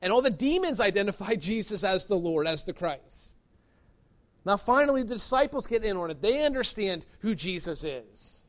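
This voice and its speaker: A man's voice: sits high, sing-song, brisk, hardly any pauses. A man preaching a sermon as pastor, earnest and emphatic, pressing his points with rising stresses.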